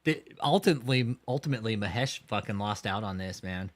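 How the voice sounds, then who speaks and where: A man's voice: fairly low pitch, lively intonation, a little fast. A man hosting a livestream, talking casually and heatedly, swearing often and mocking his target while reacting to chat. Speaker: livestream host.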